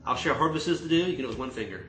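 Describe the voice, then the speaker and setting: A man's voice: medium pitch, expressive, rapid-fire, roomy sound, a crowd in the background, low-quality recording. A man who manages a tasting room, chatting casually and telling joking stories on a livestream. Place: home room. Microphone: video stream mic.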